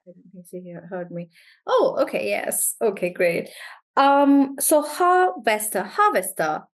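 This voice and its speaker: A woman teaching an online English class, sounding out words slowly to show syllable stress and correcting herself as she goes. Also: mid-range voice. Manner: animated, drawn-out demonstration of syllable stress, self-correcting.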